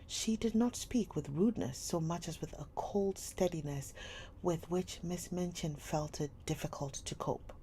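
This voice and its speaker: A woman reading a classic novel aloud live, slow and soft, often dropping near a whisper, with a faint hum behind. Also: on the low side.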